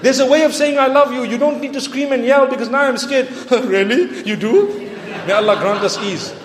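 A man preaching a sermon to a live audience, animated and playful, mixing in Arabic phrases. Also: extremely high pitch, fast talker, a crowd in the background. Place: large hall with audience. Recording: echoey hall, long reverb.

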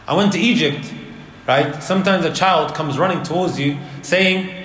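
A man giving a religious lecture to a live audience, animated and asking the crowd rhetorical questions. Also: on the high side, moderate pace. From Leicester, England. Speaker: Islamic preacher. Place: indoor hall with an audience. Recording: roomy lecture hall.

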